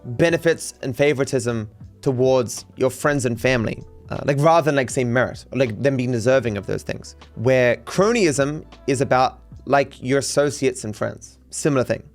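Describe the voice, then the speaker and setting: A man streamer with a faint Australian accent, rambling casually and reading out chat, quick with many restarts. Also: medium pitch, soft background music. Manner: rapid, restarts often, thinks aloud.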